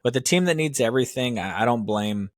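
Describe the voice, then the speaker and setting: A man's voice: medium pitch, animated, a little fast, dry recording. A man co-hosting a podcast, giving blunt, opinionated takes in casual sports chat. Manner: blunt, opinionated, sometimes speeds up. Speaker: podcast co-host.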